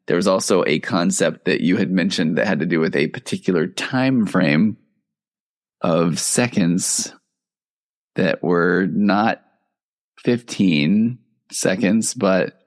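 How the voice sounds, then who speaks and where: Deep-voiced chatty male podcast host. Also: measured pace. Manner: chatty, eager, talks over his guest. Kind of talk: casual podcast interview.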